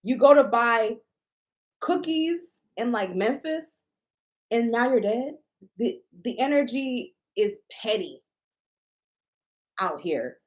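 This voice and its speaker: A woman who vents to her viewers in a casual, indignant monologue. Her delivery is blunt and profane, and she takes her time, drawing out her words at an unhurried pace. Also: a little high, lively intonation. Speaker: shop owner and vlogger.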